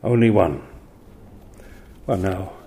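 A man with a low-pitched, dark voice delivers an evening sermon, earnest and emphatic. He asks rhetorical questions and slows down when quoting scripture.

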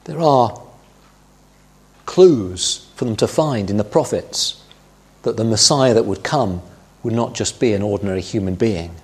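Middle-aged male preacher, low husky voice, measured sermon delivery with emphatic quotes. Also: a little mellow. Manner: measured Bible teaching, quoting scripture with emphasis.

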